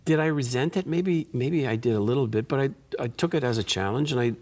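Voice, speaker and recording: A man, a guitarist being interviewed, who talks in a relaxed, thoughtful way and often repeats and restarts his words. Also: medium pitch, fast.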